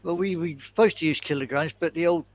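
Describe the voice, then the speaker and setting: A man's voice: a little high, quick pace. An older man, chatting casually as a podcast co-host with dry, wry remarks. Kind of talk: casual chat. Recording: dull lo-fi dry sound.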